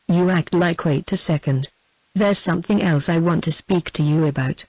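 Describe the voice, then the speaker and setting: Text-to-speech British woman narrator, slightly low and even, reads punctuation aloud, dry close sound. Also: normal speed, no room sound, poor audio. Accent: British English. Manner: even machine reading that speaks the word "comma" aloud. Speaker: audiobook narrator. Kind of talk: synthetic text-to-speech book reading.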